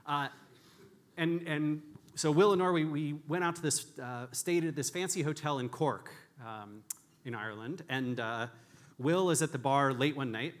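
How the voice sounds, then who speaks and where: A man's voice: on the high side, normal speed. A man giving a candid, storytelling conference talk with frequent restarts and self-deprecating humor. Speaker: conference speaker.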